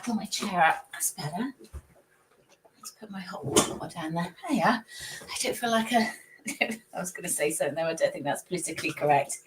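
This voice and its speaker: Woman, psychic stream host, croaky, casual and chatty, faint background hiss. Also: fairly low pitch, lively intonation, a little fast. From United Kingdom. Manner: chatty, greets viewers by name, laughs often. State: croaky with a cold coming. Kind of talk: casual live-stream chat.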